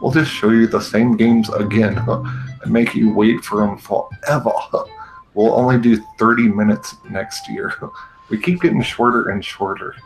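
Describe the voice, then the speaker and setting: Male comedy host, gravelly low voice, slow sarcastic rant, faint music behind. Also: steady tone, poor audio. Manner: sarcastic, exasperated, frequent laughing. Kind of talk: comedic rant, parody commentary.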